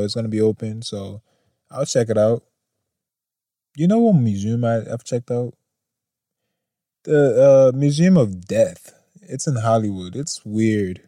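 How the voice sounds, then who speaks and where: Brief: easygoing male podcast host, loose rambling delivery, curses freely, mid-pitched voice. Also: moderate pace, mellow, dry recording, studio quality. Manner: laid-back and swearing, laughs often, rambles off topic. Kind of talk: casual news chat.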